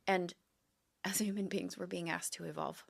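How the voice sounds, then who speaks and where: A woman with a very low voice and a strong gravelly fry talks thoughtfully and openly as a guest. Her tone stays unhurried and sincere. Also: steady tone. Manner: reflective, candid. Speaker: podcast guest, educator. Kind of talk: casual conversation.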